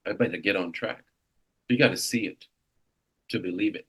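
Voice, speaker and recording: A man in his fifties, a real estate coach, leading a motivational coaching session with an animated, exclamatory delivery. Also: deep voice, moderate pace, long pauses, breathy edge. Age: 50s. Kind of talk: coaching seminar.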